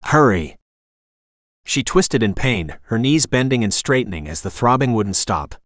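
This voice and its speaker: A synthetic male text-to-speech voice doing scripted audiobook narration, with an expressive reading. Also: mid-range voice, moderate pace, no echo, studio quality.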